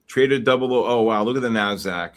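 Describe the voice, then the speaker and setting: A man hosting a live trading stream, calling price levels and teasing viewers in chat with excitable, repetitive banter. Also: medium pitch, fast. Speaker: livestream trading host.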